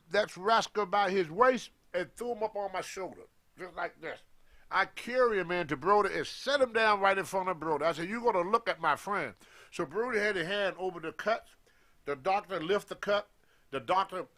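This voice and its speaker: An older man and former pro wrestler telling a story in an animated way, acting out quoted voices with colloquial grammar. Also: high-pitched, normal speed.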